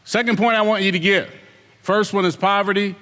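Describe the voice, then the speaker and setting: A man preaching with a high, bright, forceful voice, hammering his points with repetition and rhetorical questions. The sound carries a long hall reverb. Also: fairly even intonation, brisk. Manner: mimics lazy excuses in put-on voices. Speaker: elder preaching. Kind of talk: sermon.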